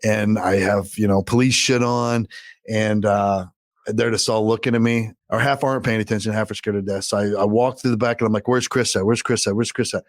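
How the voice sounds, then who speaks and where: A man's voice: fairly low pitch, fairly even intonation, a little fast, no echo, studio quality. A man casually telling a story on a podcast, cursing a lot and acting out what people said. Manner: profane, rambling, acts out quotes loudly. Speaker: podcast co-host.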